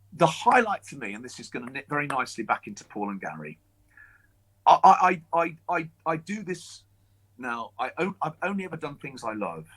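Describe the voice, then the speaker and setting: Animated husky man telling stories. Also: mid-range voice, rough recording. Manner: animated, emotional storyteller with lively voice changes. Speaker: guest, children's TV presenter and magician. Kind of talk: casual chat, storytelling.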